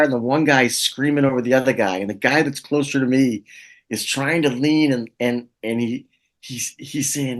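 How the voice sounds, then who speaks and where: A middle-aged man tells stories as an interview guest, lively and animated, slipping into other people's voices as he goes. His voice sits at a middle pitch. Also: moderate pace. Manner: animated anecdotes, acts out voices. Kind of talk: casual interview storytelling.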